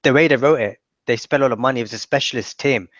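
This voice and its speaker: A man of middle pitch comes through on a dull, dry call line with muted highs. He talks casually and in a friendly way with his marketing coach. He laughs easily. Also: racing, fairly bright tone, no echo. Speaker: marketing client. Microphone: call audio.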